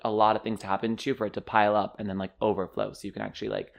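A young man co-hosting a podcast, chatting casually about a book, often jumping into excited high-pitched outbursts. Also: very fast, vocal fry. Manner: animated, jumps into high squeals when excited. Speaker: podcast co-host. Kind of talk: casual book-club chat.

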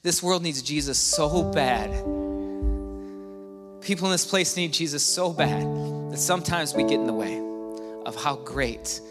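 A man preaching a sermon as pastor, animated, swinging from hushed to shouting. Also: a little high, unhurried, long pauses. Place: church auditorium. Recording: reverberant hall with music behind.

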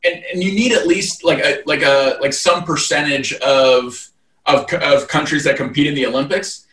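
A man in his thirties chats as an interview guest in a fairly high voice, piling up fillers and restarting his sentences as he goes. He sits well back from the mic in an echoey room. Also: steady tone, normal speed, a bit bright. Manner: rambling, heavy "like" fillers and restarts. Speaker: guest, fight event promoter. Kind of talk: casual interview chat. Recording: roomy, distant mic.

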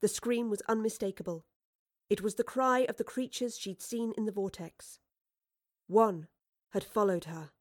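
Woman audiobook narrator, expressive, dry close studio sound. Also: mid-range voice, moderate pace, no echo. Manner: expressive, animated character reading. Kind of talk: scripted narration.

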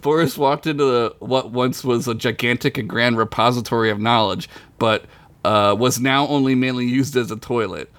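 A man's voice: medium pitch, normal speed, fairly bright tone, smooth. A man hosting a podcast, reading his own comedic story aloud in a crude, rambling way and laughing at his own jokes.

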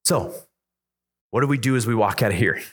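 A man's voice: fairly quick, breathy edge. A man preaching an emphatic, repetitive youth sermon in a church youth room. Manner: emphatic, repetitive preaching that climbs in pitch when excited. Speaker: youth pastor.

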